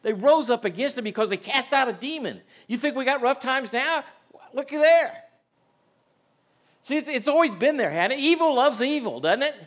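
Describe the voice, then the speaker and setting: A man's voice: very high voice, expressive, moderate pace, fairly bright tone. A man preaching a sermon in a church, folksy and conversational, often asking the congregation rhetorical questions. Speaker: pastor.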